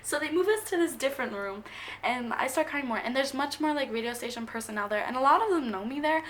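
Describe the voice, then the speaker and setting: High-voiced young woman gushing to camera. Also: lively intonation, fairly bright tone, a little hiss or hum. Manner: gushing, rambling, quick jumps between thoughts. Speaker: vlogger. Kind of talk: excited storytelling to camera.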